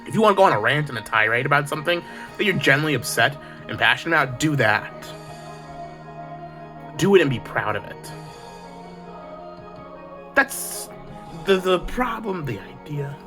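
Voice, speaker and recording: A man's voice: fairly high pitch, sing-song, moderate pace, pauses often, over music. A man delivering a heated, preachy monologue as a video creator, swearing constantly. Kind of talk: profane ranting monologue.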